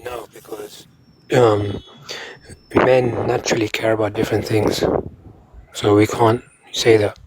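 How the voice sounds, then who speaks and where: A man calling into a live debate who mumbles quietly and hesitantly. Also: fairly low pitch, little pitch movement, measured pace, background noise. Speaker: caller.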